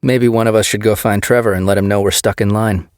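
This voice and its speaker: A man's voice: on the low side, fairly even intonation, fast, clear, resonant tone, dry recording, clean studio sound, close to an everyday voice. A man voicing a playful young man teasing his brother in a sly manner.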